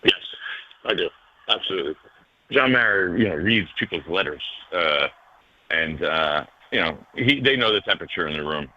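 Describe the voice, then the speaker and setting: Low-voiced reporter on a dull line. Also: male voice, animated, normal speed, sharp tone, a little hiss or hum. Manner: hesitant, ribbing, filler-heavy. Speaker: sports reporter guest. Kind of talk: casual radio interview. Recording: dull dry remote line.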